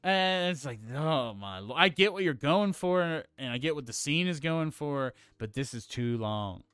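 A man's voice: fairly high pitch, normal speed, a bit bright, clean tone, no room sound. A man giving blunt, opinionated film criticism in casual chat, swearing freely.

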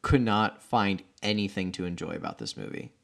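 Male podcast co-host, lower voice, blunt, teasing, conversational. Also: sing-song, normal speed, vocal fry. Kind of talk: casual podcast chat.

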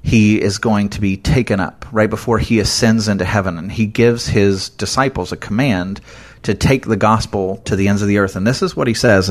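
An earnest male preacher with a somewhat low voice delivers a conversational sermon. He speaks with animated emphasis and keeps dropping in casual fillers as he works through scripture.

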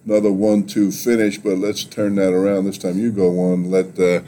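A man's voice: deep voice, completely flat delivery, normal speed, warm tone, slight background noise. A man hosting a podcast interview, friendly and joking as he leads the questions. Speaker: podcast host.

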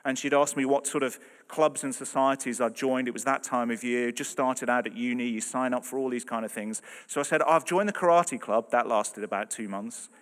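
A man delivers a sermon with earnest emphasis, his voice rising and dropping in loudness to drive his points home. His voice sits at an ordinary middle pitch. The sound carries a long reverb, as if from a large church hall. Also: fairly even intonation, brisk, few pauses. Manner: earnest, emphatic, swings between loud and soft. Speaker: preacher.

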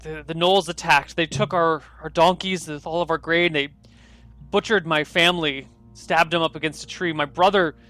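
Man doing a shaky, stammering farmer boy, high and loud, bright, soft music under it. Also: fairly even intonation. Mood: frightened. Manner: stammering, pleading, rushed. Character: frightened young male farmer.

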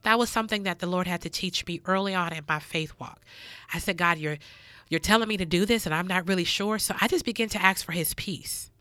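A woman's voice: lowish voice, a little fast, sharp tone, no room sound. A woman hosting a devotional podcast, teaching in an earnest, preacherly way, repeating key phrases and calling listeners child and baby. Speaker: podcast host.

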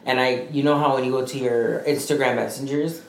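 A man co-hosting a podcast, telling a story in a rambling, animated way and acting out what others said. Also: medium pitch, fairly quick. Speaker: podcast co-host. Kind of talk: casual storytelling chat. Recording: echoey room with faint noise.

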